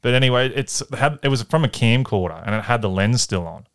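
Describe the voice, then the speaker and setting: A man's voice: mid-range voice, expressive, brisk, a bit bright. A man, co-hosting a podcast, telling a grim story in a rambling, jokey way. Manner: rambling, jokey retelling with acted quotes. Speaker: podcast co-host. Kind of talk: casual chat, storytelling.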